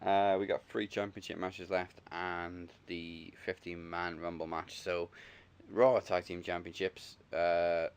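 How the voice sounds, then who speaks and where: Brief: low-voiced male podcast co-host, relaxed, dry one-liners. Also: measured pace, clear, resonant tone. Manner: easygoing, dry quips, laughs along. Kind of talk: casual chat.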